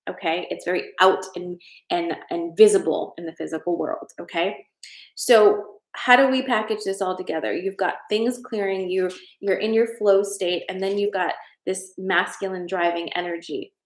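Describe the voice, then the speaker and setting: A woman's voice: lowish voice, fairly even intonation, normal speed. Woman host, casual heartfelt live-stream chat from home, roomy sound. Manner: casual, chatty, reads viewer comments, gets emotional. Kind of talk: live-stream spiritual card reading chat. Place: at home, in a room of her house.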